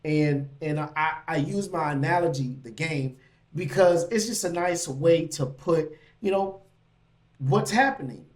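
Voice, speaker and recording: A man hosting a casual reaction stream, talking in loose slang, laughing and riffing on what he reads. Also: fairly high pitch. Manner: animated, laughing, slangy asides. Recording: mic.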